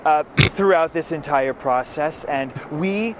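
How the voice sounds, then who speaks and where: A man doing an impression of a male politician who speaks haltingly and fills every pause with "uh". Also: on the high side. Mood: evasive. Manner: hesitant, many filler uhs. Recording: noisy clip with traffic outside.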